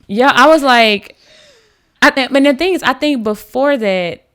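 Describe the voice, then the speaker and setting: Woman guest, 30s. Animated, casual storytelling with many restarts. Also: high voice, a little slow, clear, resonant tone. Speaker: podcast guest.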